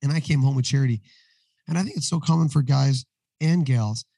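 A man with a hoarse voice, talking candidly as a guest in a casual podcast interview, telling a personal story. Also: medium pitch, brisk, warm tone, dry recording, rough recording. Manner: candid, storytelling, acts out dialogue. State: hoarse, voice recovering after losing it. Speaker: guest, recovery ministry co-founder.

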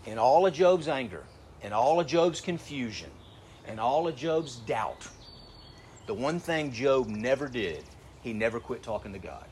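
A middle-aged man preaching a sermon in a conversational way, asking rhetorical questions and slowing down to read scripture. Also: mid-range voice, animated, darkish tone, a little hiss or hum. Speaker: pastor. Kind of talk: sermon to graduating seniors.

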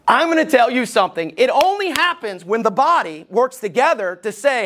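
A man's voice: high voice, big pitch swings, moderate pace, few pauses, fairly bright tone. A man preaching as a lead pastor in a casual, joking style, often checking in with the congregation. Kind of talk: sermon.

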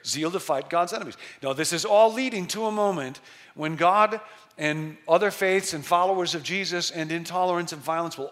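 A middle-aged male pastor preaching a sermon, telling a story with emphasis and slowing down to stress key words. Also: high-pitched, fairly bright tone.

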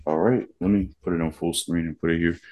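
A man co-hosting a podcast in casual chat, reading out a long ranked list in an easygoing, steady drone. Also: deep voice, fast. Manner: laid-back, reads a list in a steady drone. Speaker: podcast co-host.

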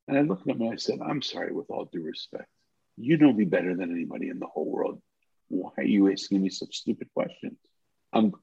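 Gravelly low-voiced older man telling stories. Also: dry recording. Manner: animated storyteller who acts out the dialogue. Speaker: guest. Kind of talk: storytelling in a podcast interview. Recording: slightly muffled recording.

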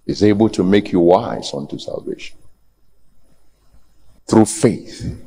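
A man's voice: on the low side, slow, dark tone, breathy edge. A man preaching a sermon as pastor, challenging and pleading with the congregation and rising to emphatic peaks. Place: church. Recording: long hall reverb.

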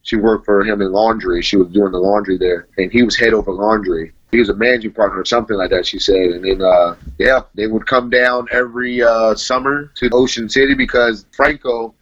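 A man in his thirties, telling his life story in a casual interview, laid-back and tacking "man" onto nearly every sentence. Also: medium pitch. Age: 30s. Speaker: interview guest. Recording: dull lo-fi recording.

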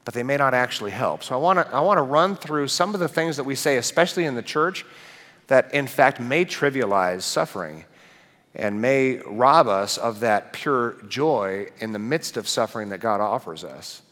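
A middle-aged male pastor giving a conversational sermon in a church, animated and asking the congregation questions. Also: medium pitch, moderate pace, long reverb tail. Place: church sanctuary.

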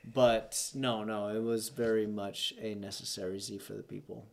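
A man's voice: lowish voice, level tone, moderate pace, creaky. A drunk man co-hosting a podcast in casual chat, hesitant and full of fillers, swearing now and then. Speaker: podcast co-host.

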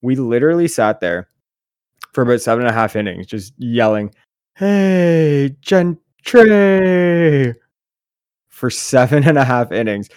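A man's voice: medium pitch, lively intonation, fairly quick, a little mellow, dry recording, studio quality. Jokey man on a casual podcast. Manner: jokey, laughs while telling anecdotes. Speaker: podcast co-host. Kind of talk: casual chat.

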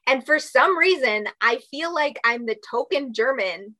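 Bubbly bright young woman. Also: sits high, expressive, poor audio. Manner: bubbly, fast, heavy use of "like". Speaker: voice actress guest. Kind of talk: casual interview chat.

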